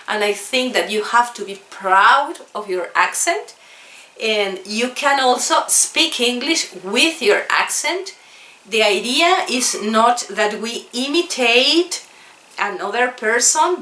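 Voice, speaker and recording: Slow, bright-voiced woman teacher, echoey. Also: on the high side, lively intonation. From South America. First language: Spanish. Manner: earnest, repeats points for emphasis. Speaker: English teacher. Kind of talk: casual video lesson. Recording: echoey room.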